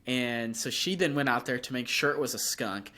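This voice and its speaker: A young man, sick with a sore throat, co-hosting a podcast and telling an animated story in casual chat, acting out his own reactions. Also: medium pitch, normal speed. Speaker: podcast co-host.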